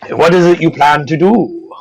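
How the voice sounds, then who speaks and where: A man's voice: fairly high pitch, animated, moderate pace, vocal fry, slightly rough, rough recording. Casual rambling male game master. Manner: loose, rambling, full of fillers and swearing. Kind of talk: narrating a live-streamed tabletop game.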